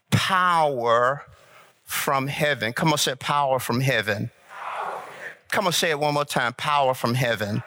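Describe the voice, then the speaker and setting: A man preaching a sermon as pastor, slow and emphatic, repeating key phrases and calling on the congregation to say them back. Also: mid-range voice, pushed and bright. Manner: call-and-response, urging the congregation to repeat.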